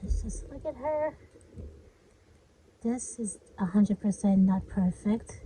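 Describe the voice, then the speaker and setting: A woman's voice: mid-range voice, animated, slow, pauses often, warm tone, husky. Chatty woman narrating a craft project. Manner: chatty, self-deprecating, often drops to a whisper. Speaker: crafting vlogger.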